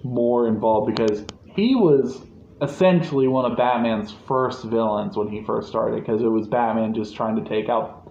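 A man in casual podcast chat about a movie, animated and laughing often as he acts out scenes. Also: mid-range voice, normal speed, gravelly. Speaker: podcast co-host. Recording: muffled echoey room with faint hiss.

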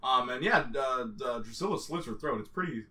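Casting: young man, bright forceful voice, excitable recapper, slightly distant from the mic. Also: medium pitch. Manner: fast, excitable storytelling, slips into quoted voices. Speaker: co-host recapping a TV series. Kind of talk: casual chat.

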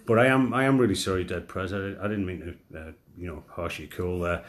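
A man's voice: deep voice, animated, a little fast. A man from Durham, co-hosting a casual, sweary podcast chat with a rambling, self-deprecating way of talking. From England, Durham. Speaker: podcast co-host.

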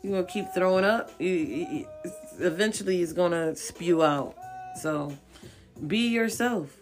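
Slow, emphatic woman giving a reading. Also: lowish voice, soft background music. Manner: emphatic, repetitive, blunt and profane; coaxing and encouraging. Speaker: tarot card reader. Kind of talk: casual spiritual reading to viewers.

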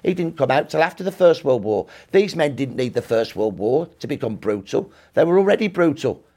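A man's voice: mid-range voice, big pitch swings, fairly quick, dark tone. A man in his sixties, a historian guest telling history in emphatic, punchy short clauses during an interview.

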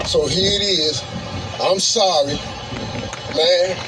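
A man's voice: sits high, slow pace. A man in his sixties giving a blunt, exasperated selfie-video apology in casual slang. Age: 60s. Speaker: public figure addressing fans. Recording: video clip with loud music behind.

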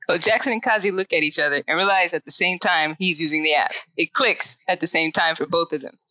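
Chatty woman sketch writer, bright tense voice, dry sound. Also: lowish voice, brisk, dry recording, highs cut off. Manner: chatty, rambling, lots of um and like. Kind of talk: reading stage directions, then explaining the sketch.

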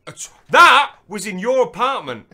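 Bright, joking man. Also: sits high, sing-song, normal speed. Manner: joking, mock-insistent banter. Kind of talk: casual chat.

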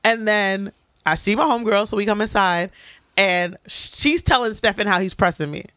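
A woman at mid pitch tells a long, profane story, voicing each person in it with lively flair. Her voice sits dry and close on a studio mic, the easy back-and-forth of a podcast. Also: moderate pace, dry recording. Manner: animated, profane storyteller acting out dialogue. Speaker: podcast co-host. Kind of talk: casual storytelling chat.

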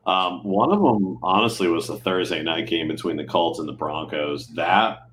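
A man co-hosting a sports podcast, laid-back, answering with short remarks and slow, easy talk. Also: low-pitched, a bit bright. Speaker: podcast co-host. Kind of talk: casual sports chat.

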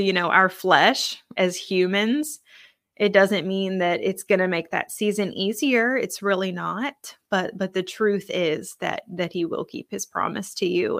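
Woman, podcast host, personal testimony, earnest, emotional, halting restarts. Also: mid-range voice, fairly bright tone, dry recording, studio quality. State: overwhelmed with emotion.

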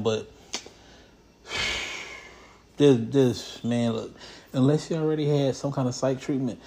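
Man, host, casual news commentary, profane, blunt, animated storytelling, middle pitch.

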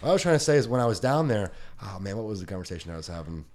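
Animated young man from New Jersey. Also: lowish voice, racing. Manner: rambling, swearing, animated storytelling. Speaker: podcast co-host. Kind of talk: casual banter.

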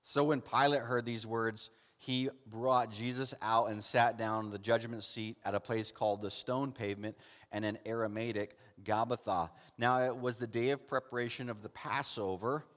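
A man preaching a sermon and reading from the Bible, swinging between loud fervent passages and hushed soft ones, and calling his listeners "saint". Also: medium pitch, fairly even intonation, moderate pace. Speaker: pastor. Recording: long hall reverb.

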